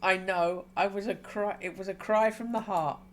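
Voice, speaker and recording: A woman streamer reading a game's dialogue aloud and reacting with excited squeals between calmer reading. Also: mid-range voice, normal speed, a little hiss or hum.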